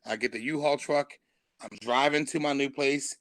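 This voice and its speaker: A man's voice: medium pitch, steady tone, normal speed, fairly bright tone, dry recording. A man, a stand-up comedian, telling a long comic story on a live stream and laughing through his punchlines.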